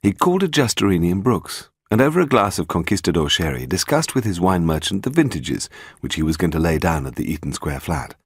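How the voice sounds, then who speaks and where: A man narrating a detective novel aloud in a measured, expressive manner. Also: low voice, husky, no echo, clean studio sound. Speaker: audiobook narrator. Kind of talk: scripted narration.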